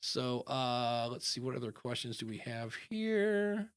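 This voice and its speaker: A man hosting a podcast in casual chat, animated and acting out quoted voices. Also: mid-range voice, measured pace, clean tone, no room sound, studio quality. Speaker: podcast host.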